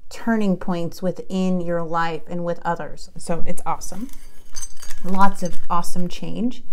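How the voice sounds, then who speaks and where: A woman's voice: on the low side, steady tone, a little slow. A woman giving a casual tarot reading to her viewers in an upbeat, chatty way, often checking in with "okay?". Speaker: tarot reader.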